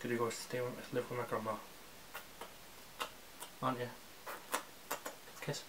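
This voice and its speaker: A man's voice: mid-range voice, little pitch movement, a little slow, background noise. A teenage boy chatting casually on his home vlog, rambling and restarting with jokey asides. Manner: rambling, self-interrupting, jokey. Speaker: vlogger. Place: indoors at home.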